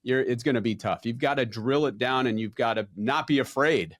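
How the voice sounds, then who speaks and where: A man's voice: medium pitch, brisk. A man hosting a podcast, explaining ideas to his listeners in an easygoing, conversational way. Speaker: podcast host, wealth advisor. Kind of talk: podcast interview.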